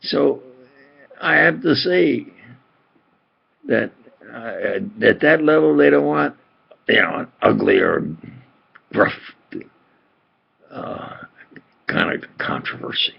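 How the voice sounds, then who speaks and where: Gravelly man rambling, lo-fi recording. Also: mid-range voice, expressive, takes it slowly, pauses often. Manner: rambling, repetitive and agitated. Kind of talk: rambling monologue to camera. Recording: dull lo-fi home video recording.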